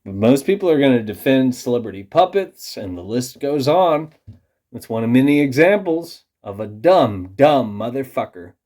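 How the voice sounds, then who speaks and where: Guy ranting at his viewers, swearing nonstop, talks down to everyone, mid pitch, goes from grumbling low to suddenly loud. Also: very animated, moderate pace. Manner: angry, profane, condescending; lurches from low muttering to loud outbursts. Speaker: vlogger. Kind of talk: ranting monologue to camera.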